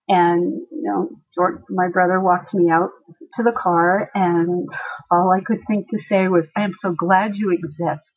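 A woman telling a personal story to a listener, animated and acting out the voices of the people she quotes. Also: medium pitch, husky, muffled recording.

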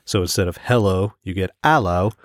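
A man co-hosting a podcast in casual chat, telling stories in an animated way and laughing easily. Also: lowish voice, brisk, no room sound, studio quality. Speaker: podcast co-host.

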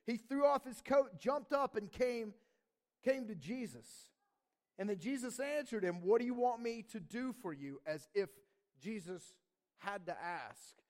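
A man preaching a sermon as pastor, animated and casual, slipping into slang and acting out voices. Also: sits high, unhurried.

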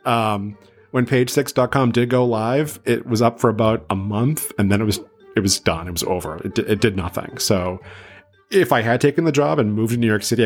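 A man in his thirties, from south of Boston, hosting a podcast and telling a story in a chatty, self-deprecating way with many fillers. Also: on the low side. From south of Boston, USA. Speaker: podcast host.

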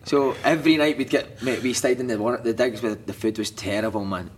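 Fast-talking Scottish man telling stories. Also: mid-range voice, a little hiss or hum. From Scotland. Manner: swears freely, laughs through his stories. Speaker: podcast guest, former footballer. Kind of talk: casual storytelling chat.

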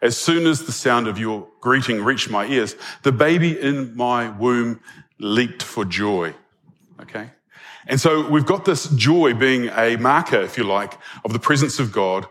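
A man's voice: medium pitch, expressive, measured pace, fairly bright tone. A man preaching a sermon in a conversational way, often checking in with his listeners and chuckling between points. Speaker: pastor.

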